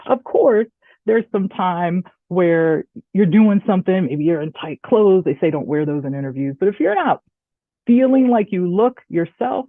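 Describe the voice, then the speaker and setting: A woman with a Southern US accent giving a chatty, animated online presentation, often checking in with "right?". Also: lowish voice, no echo. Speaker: guest speaker. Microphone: video call. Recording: tinny phone-like audio, dry.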